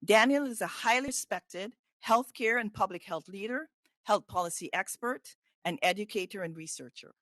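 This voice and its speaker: A woman's voice: medium pitch, moderate pace, a bit bright, no echo. A woman reading a formal introduction of a speaker, with a few small slips as she reads.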